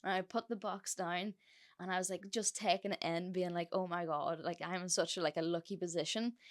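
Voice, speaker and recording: A woman's voice: fairly low pitch, fairly even intonation, a little fast. A young woman hosting a solo podcast, telling a story in a chatty, sweary way with lots of fillers. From Ireland. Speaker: podcast host.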